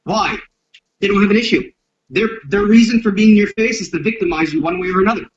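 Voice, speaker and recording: A high-pitched, fast-talking man explains violence from a self-defense instructor's perspective in an interview, acting out street confrontations in blunt, profane language. The audio is dull and lo-fi.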